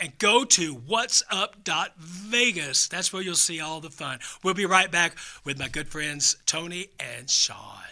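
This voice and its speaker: A man's voice: medium pitch, pushed and bright. A middle-aged man hosting a talk show, giving a chatty, campy opening monologue full of jokes and self-mocking asides.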